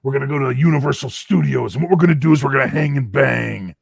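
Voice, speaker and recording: A man putting on a shouting pro wrestler impression in a loud wrestling promo style. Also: mid-range voice, fast, vocal fry, husky, no echo, voice pushed up. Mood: pumped up.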